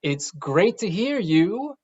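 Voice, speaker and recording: An actor doing a smooth celebrity who rhymes every line, slangy and breezy, mid-pitched voice, dull lo-fi sound, stage play. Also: very animated, takes it slowly, a little mellow, full character voice. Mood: rhyming. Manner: talks in rhymes. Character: impression of a famous composer, rhyming street-style talk.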